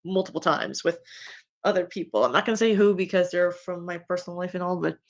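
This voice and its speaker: A woman's voice: fairly low pitch, fast talker, lo-fi sound. An outspoken woman with a Spanish accent, streaming and chatting loosely as she comments on fan fiction. Her talk wanders, full of ums, likes and restarted sentences. She voices her views bluntly and with plain exasperation. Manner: rambling, with many fillers and restarts. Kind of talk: casual rambling commentary while reading fan fiction.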